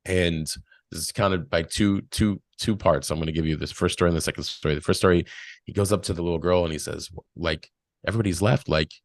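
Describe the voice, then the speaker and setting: A man's voice: low voice, steady tone, brisk, no room sound. A man talking casually and reflectively as a podcast guest, telling stories with quoted voices. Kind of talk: casual spiritual talk.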